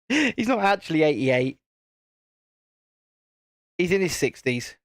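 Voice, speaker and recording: A man hosting a relaxed live stream, chatting and laughing as he works, with the odd mild swear. His voice rises and falls a lot, and the sound is close and dry. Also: sits high, takes it slowly, gravelly, no echo. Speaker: host. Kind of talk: casual live-stream chat while building.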